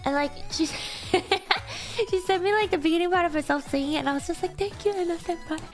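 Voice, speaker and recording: A woman's voice: very high voice, fairly quick, faint music behind. A woman streamer chatting casually and reading donations, bubbly and giggly with lots of fillers, her voice still sleepy and just waking up. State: sleepy morning voice.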